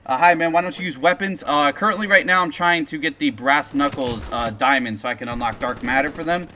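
A young man chatting on a live gameplay stream, excitable and profane, telling stories in slangy talk. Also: fairly high pitch, fairly quick, a little hiss or hum. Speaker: gaming streamer.

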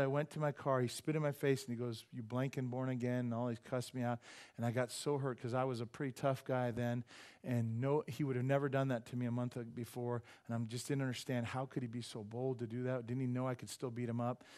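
A male pastor delivering a sermon, with a middle-pitched voice. He tells personal stories with lively energy and swells into fervent, urgent prayer. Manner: animated storytelling, rising to fervent prayer.

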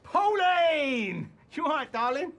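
A man's voice: very high-pitched, sing-song, slow, background noise, full character voice. An actor playing a smarmy, over-friendly man who flirts his way into a house in a comic film.

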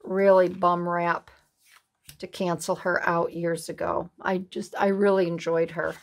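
A woman's voice: lowish voice, flat delivery, a little slow, vocal fry. A middle-aged woman hosting a craft video, chatting casually in a rambling, folksy way while she works in her craft room.

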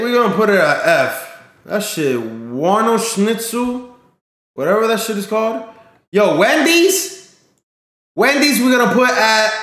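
A man's voice: sits high, fairly bright tone, reverberant. A man live streaming in casual chat, slangy and talking straight to his viewers, often repeating himself.

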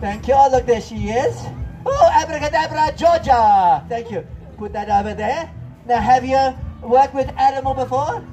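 A man with a very high voice runs a comic children's show. He bosses his volunteers around in playful, theatrical patter, and faint music plays under him. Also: normal speed, mellow. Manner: bossy, theatrical showman banter. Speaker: children's entertainer. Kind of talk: comic audience-participation patter. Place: outdoor festival stage.

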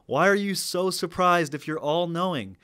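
A young male commentator delivering scornful reaction commentary. He speaks bluntly and sarcastically in a fairly high voice, with plenty of swearing. The sound is dry and close, with no room around him. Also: moderate pace, sharp tone, clear, resonant tone, dry recording. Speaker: commentary video host.

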